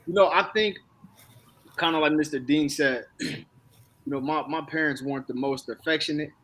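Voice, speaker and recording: A man's voice: fairly high pitch, normal speed, fairly bright tone. Joking man in a panel chat. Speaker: speaker and author.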